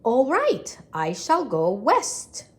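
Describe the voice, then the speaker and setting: A woman voicing a bossy, know-it-all female capybara bully with a shrill, loud voice. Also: huge pitch swings, normal speed, breathy edge, heavily acted.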